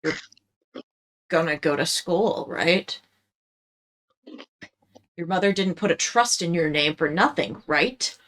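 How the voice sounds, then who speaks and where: A woman's voice: on the low side, takes it slowly, long pauses, a bit bright. A woman voicing a stern police officer father who lectures his son.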